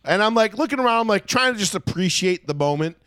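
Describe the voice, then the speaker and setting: A man telling a story loudly and profanely in a casual podcast chat. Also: sits high, lively intonation, quick pace, clean tone, dry recording, clean studio sound. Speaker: podcast co-host.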